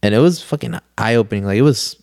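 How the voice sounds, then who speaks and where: A man's voice: fairly low pitch, animated, fast, gravelly, darkish tone, dry recording, studio quality. Slangy young man telling a story. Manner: laid-back, slangy, lots of "like" and "dude". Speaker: podcast guest. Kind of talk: casual storytelling chat.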